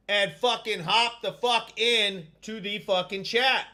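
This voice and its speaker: A high, bright-voiced man runs a live stream by himself, reacting to viewer comments with a stream of swearing. He talks at an unhurried pace and breaks into loud hyped shout-outs for the people sending stars. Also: steady tone. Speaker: host.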